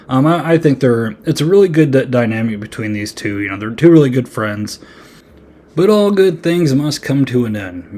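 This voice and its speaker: A man's voice: mid-range voice, a little mellow. Rambling, filler-heavy male podcaster. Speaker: podcast host. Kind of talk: casual movie review.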